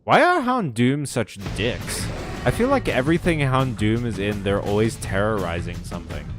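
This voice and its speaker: A man's voice: lowish voice, very animated, normal speed, over music. A man giving joking commentary over a video game playthrough, full of sarcastic asides. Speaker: let's play host.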